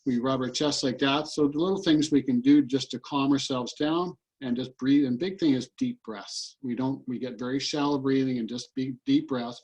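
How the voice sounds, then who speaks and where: This EFT coach leads a guided tapping routine on a video call, his mid-range, darkish voice repeating brief statements with earnest conviction. Intonation stays fairly even, the pace is moderate, and he barely pauses. Audio quality is rough.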